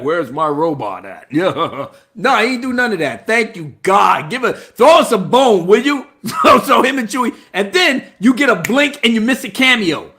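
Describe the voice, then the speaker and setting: A man retells a film scene by scene in a loud, mocking, profane review. His voice sits very high and carries a gravelly fry. The tone is bright and sharp. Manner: animated, mocking, profane, bursts into laughter and mimicry. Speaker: movie reviewer. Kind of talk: casual spoken movie review.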